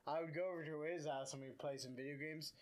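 A man's voice: fairly high pitch, steady tone, fast. A young man co-hosting a podcast, telling stories in casual chat with lots of fillers. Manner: chatty storytelling, many fillers. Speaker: podcast co-host.

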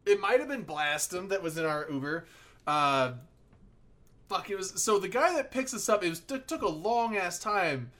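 A man in casual chat, telling an animated story and swearing freely. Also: high voice, normal speed.

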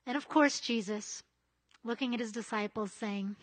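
A woman's voice: fairly high pitch, normal speed, fairly bright tone. A woman giving a casual, conversational sermon, full of chatty asides and frequent "right?" checks with her listeners. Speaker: preacher.

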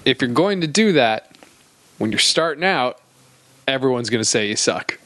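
A man's voice: mid-range voice, expressive, fairly bright tone, no echo. Male podcast co-host; wry interjector, very dry studio sound. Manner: dry interjections, quick jokes. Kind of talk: casual comedy podcast chat.

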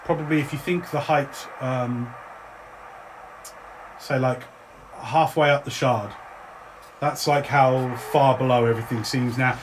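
Brief: male game master, easygoing rambling narrator, average pitch, noisy home recording. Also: measured pace, pauses often. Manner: relaxed, meandering narration with frequent restarts.

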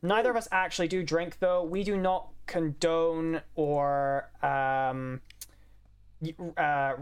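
A woman's voice: sits low, fairly even intonation, takes it slowly, clean tone. A young woman in casual chat who talks in a rambling way, full of "like" and fillers. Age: young adult. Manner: chatty, rambling, lots of fillers.

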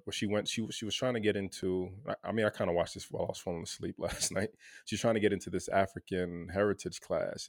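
Chill guy rambling about tv, lowish voice, dry close sound. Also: a little mellow, no room sound. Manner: laid-back, many fillers and restarts. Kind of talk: casual chat.

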